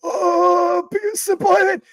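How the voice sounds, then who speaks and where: A man voicing a frantic, jittery middle-aged male cartoon school principal who shouts in a shrill, strained voice and is always freaking out. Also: flat delivery, slow, no echo, exaggerated voice, low-quality recording. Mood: panicked. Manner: panicky, constantly freaking out.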